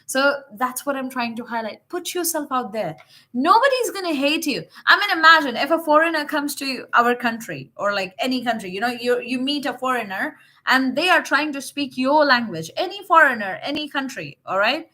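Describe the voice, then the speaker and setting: Female teacher hosting a livestream, casual and encouraging, slightly high voice with a crisp, forceful edge. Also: lively intonation, normal speed. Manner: encouraging, coaching directly; chatty, with fillers and self-corrections. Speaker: English teacher, livestream host.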